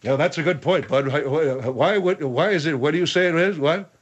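A man's voice: fairly high pitch, brisk, slightly rough, muffled recording, voice pushed up. A man voicing a blunt, scolding older man called the General in a comedy radio bit. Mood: gruff.

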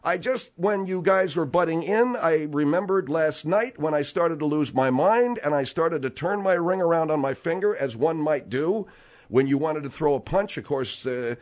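A man's voice: on the high side, lively intonation, normal speed. A man hosting a comedic radio show, sarcastic and theatrical, riffing in long exaggerated runs. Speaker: radio host.

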